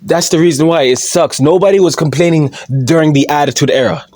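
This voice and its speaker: A man's voice: a little high, brisk, darkish tone, no room sound. A man ranting in a vlog monologue, mocking and swearing, laughing at his own jokes and often asking "all right?". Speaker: wrestling commentary YouTuber.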